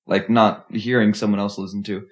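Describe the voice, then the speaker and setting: A man's voice: fairly low pitch, little pitch movement, fairly quick. A man co-hosting a casual group podcast, reading listener questions with a dry, wry manner. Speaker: podcast co-host.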